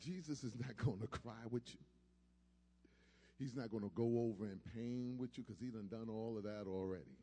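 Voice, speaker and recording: A male preacher giving a call-and-response sermon that swings from quiet to shouting. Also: on the low side, moderate pace, big-room sound.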